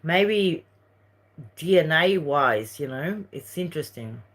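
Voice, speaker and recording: Slow-talking Uruguayan woman. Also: low-pitched, animated. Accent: Uruguayan Spanish. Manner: rambling, chatty, jumps between topics. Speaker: livestream host. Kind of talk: casual livestream chat reading viewer messages.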